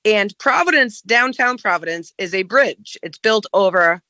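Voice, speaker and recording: A woman's voice: medium pitch, animated, unhurried, sharp tone, no echo. A woman from Rhode Island with a Rhode Island accent, chatting and telling stories in a casual group call. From Rhode Island, USA. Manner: chatty storyteller, tells local tales.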